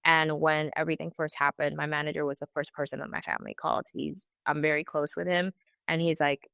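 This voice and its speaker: Low-voiced woman sharing a hard story. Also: level tone, vocal fry, fairly bright tone, clean tone, no echo. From California. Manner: halting, emotional, many restarts and quoted asides. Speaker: interview guest. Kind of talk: candid personal account.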